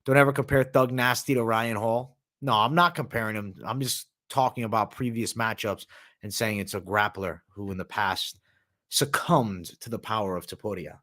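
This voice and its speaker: This MMA analyst hosts a live stream, reading out viewer comments and chatting casually with slang and curse words, sometimes with his mouth full as he eats. His voice is lowish and sharp, with fairly even intonation and a moderate pace.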